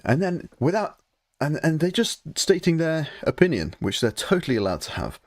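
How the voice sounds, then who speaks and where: A man's voice: mid-range voice, very animated, normal speed, darkish tone, no room sound. A young British man hosting a live painting stream, chatting in a rambling, swearing, good-humoured grumbling way. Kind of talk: casual live stream chat.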